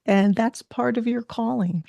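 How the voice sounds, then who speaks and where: A woman's voice: on the high side, unhurried, gravelly, mellow, dry recording. A woman hosting a podcast interview, talking in an effusive, encouraging way and sharing a personal story. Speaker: podcast host.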